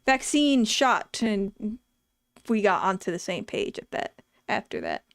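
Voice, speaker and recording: A woman's voice: mid-range voice, measured pace, creaky, no room sound, clean studio sound. A woman chatting casually and telling frank, profane stories from her past work at a vet clinic. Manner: frank, profane, animated storytelling. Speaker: streamer reading chat, former vet clinic worker. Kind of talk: casual storytelling chat.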